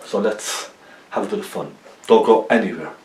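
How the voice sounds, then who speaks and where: A man's voice: on the low side, normal speed, background noise. Chatty man teaching painting. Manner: friendly, rambling, lots of ums and "isn't it?" tags. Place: painting studio, indoors. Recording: echoey studio room.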